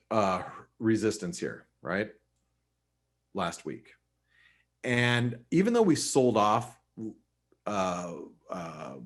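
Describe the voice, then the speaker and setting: Low-voiced man giving casual chart commentary. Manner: casual, chatty, talks straight to viewers; frequent restarts and filler. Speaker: host and market analyst. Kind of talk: live webinar chart commentary.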